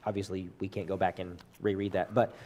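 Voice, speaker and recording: A man's voice: sits low, flat delivery, a little fast, dark tone. A man teaching a church Bible class off the cuff, earnest and hesitant, full of restarts and fillers.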